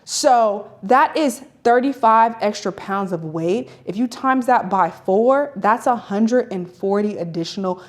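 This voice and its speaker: A woman speaks straight to her viewers in a relaxed home vlog. Her talk is candid and emotional, loose and chatty, with filler "like"s. Her pitch sits right in the middle. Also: unhurried, hardly any pauses. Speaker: vlogger. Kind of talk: casual confessional vlog. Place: at home in an apartment.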